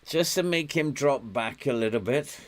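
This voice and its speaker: Talking at an ordinary pace and middle pitch, this older Welshman loosely narrates a football management game on stream. He encourages and reprimands his virtual squad in turn, with lots of little chuckles.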